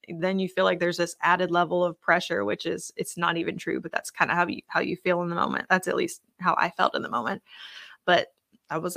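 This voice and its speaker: A woman's voice: on the low side, normal speed, vocal fry, bright, forceful tone, no echo, clean studio sound. A young adult woman hosting a podcast alone, telling a personal faith testimony in an earnest, conversational way with lots of fillers. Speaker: podcast host.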